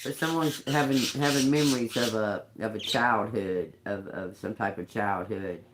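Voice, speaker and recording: A woman's voice: extremely low pitch, moderate pace, background noise. A woman doing a casual live tarot reading, talking loosely, restarting phrases and swearing now and then. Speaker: tarot reader.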